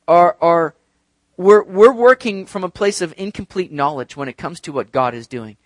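A man preaching a sermon in an animated way, swinging between loud and soft, and speaking directly to his congregation. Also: a little high, dry recording. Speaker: pastor.

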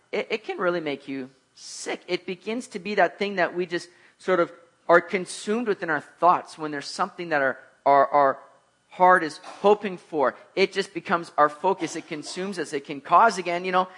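A man's voice: sits high, pushed and bright. A man preaching a conversational sermon, mixing jokes with emphatic exhortation. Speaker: pastor.

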